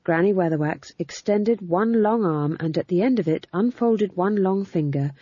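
Woman audiobook narrator, husky tone, dry, dull close recording. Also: fairly low pitch, no echo. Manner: lively, expressive storytelling. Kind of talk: scripted narration.

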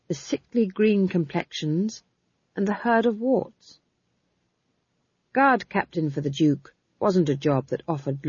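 A woman narrating an audiobook in an expressive storytelling manner. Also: low voice, slightly rough, no room sound. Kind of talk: scripted narration. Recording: dull dry close recording.

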